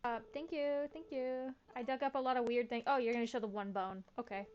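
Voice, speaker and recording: A woman's voice: a little high, fairly even intonation, brisk, darkish tone, highs cut off, a little hiss or hum. Chatty young woman streaming a game. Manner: chatty, laid-back, slangy and self-mocking. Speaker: streamer playing a farming game. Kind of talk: casual gameplay commentary.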